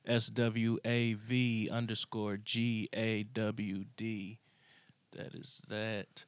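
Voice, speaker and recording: A man's voice: fairly low pitch, level tone, drawn-out words, smooth, no room sound. A young man, a guest on a podcast, talking casually with slang and swearing, thinking aloud as he goes. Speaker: guest rapper. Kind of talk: casual chat.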